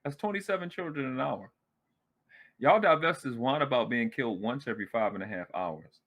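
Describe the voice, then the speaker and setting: A man arguing on a panel, animated, sarcastic and profane. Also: mid-range voice, brisk. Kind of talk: heated panel discussion.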